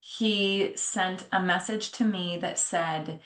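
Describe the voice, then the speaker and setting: A middle-aged woman telling a personal story in a candid, animated way, often slipping into the voices of people she quotes. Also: mid-range voice, slow pace, hardly any pauses. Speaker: podcast co-host. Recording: echoey room.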